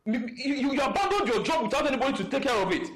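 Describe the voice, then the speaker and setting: A man's voice: mid-range voice, expressive, normal speed, gravelly. An actor playing a male bank manager who scolds a new staff member and then turns coaxing and overfamiliar. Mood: stern. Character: stern male bank manager, boss turning creepy. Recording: echoey room with background noise.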